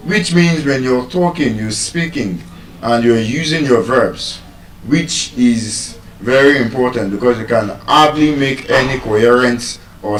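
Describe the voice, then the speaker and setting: A man lecturing on word stress at a slow, measured pace, pausing between phrases and repeating key words. His voice rings in a roomy, echoing space and sounds a little removed from the microphone. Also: mid-range voice. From Nigeria. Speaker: teacher giving a pronunciation lecture. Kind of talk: classroom lecture, explaining and spelling out words. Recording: roomy echo, voice from a distance.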